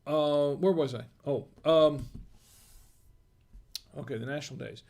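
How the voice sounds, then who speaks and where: A talkative man hosts a casual livestream. His voice sits somewhat high for a man. He reads chat messages aloud and keeps tossing questions back to his viewers. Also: measured pace, a little mellow. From United States. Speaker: wine review livestream host.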